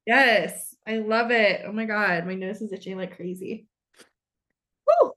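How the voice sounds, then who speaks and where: A young adult woman hosting a podcast in casual chat, gushing and excitable, swearing casually as she talks. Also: mid-range voice, unhurried. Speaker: podcast host.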